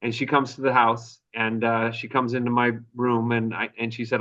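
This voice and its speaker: An earnest man tells an anecdote as a guest in a podcast interview. His voice sits at an ordinary middle pitch. The sound is slightly muffled. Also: flat delivery, normal speed, few pauses, fairly bright tone, far from the mic. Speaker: author guest. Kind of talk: conversational storytelling.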